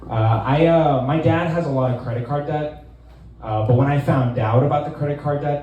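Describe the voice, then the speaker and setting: A man in his twenties doing a stand-up set in a small club, deadpan and rambling, with lots of fillers. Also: mid-range voice, heavy reverb, distant mic, slight background noise, rough recording. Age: 20s. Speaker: stand-up comedian.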